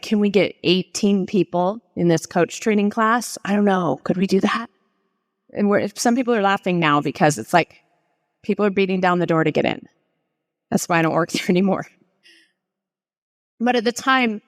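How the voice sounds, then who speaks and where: A woman life coach giving an earnest, encouraging inspirational talk, telling stories to the audience. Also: mid-range voice. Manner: earnest, encouraging, speeds up when urging. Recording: long hall reverb.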